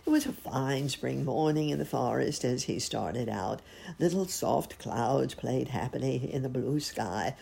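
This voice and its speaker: A woman slowly reading a classic children's book aloud in a gentle storytelling way. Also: a bass voice, gravelly, slightly rough. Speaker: storybook reader.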